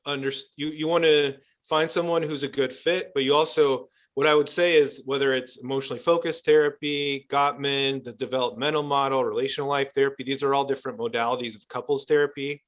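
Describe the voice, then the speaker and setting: A man who works as a couples therapist, explaining his approach in a podcast interview in a measured way, with fillers and restarts. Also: medium pitch, steady tone.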